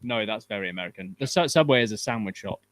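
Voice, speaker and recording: A man's voice: lowish voice, expressive, fast talker, a bit bright, no echo. A man from England with an English accent, a guest in a casual chat, polite and dryly humorous. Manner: polite, dry humour.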